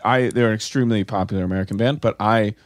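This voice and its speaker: A man co-hosting a podcast, chatting animated and self-mocking. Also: fairly low pitch, fast, no room sound, studio quality. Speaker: podcast co-host. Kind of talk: casual chat.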